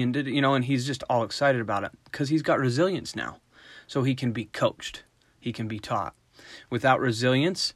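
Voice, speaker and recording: A middle-aged man talks through dog training in an easygoing, conversational way, now and then slipping into quick voiced examples. His pitch sits in an ordinary middle range, and the sound is dry and close with no room echo. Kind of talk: casual instructional talk.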